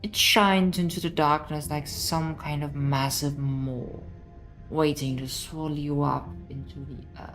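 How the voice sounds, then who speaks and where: A woman's voice: deep voice, steady tone, measured pace, faint music behind, poor audio. A woman voicing a stern narrator who commands the listener to slay a princess. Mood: ominous. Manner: commanding, insistent. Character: stern female narrator urging a princess slaying. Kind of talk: reading a game aloud.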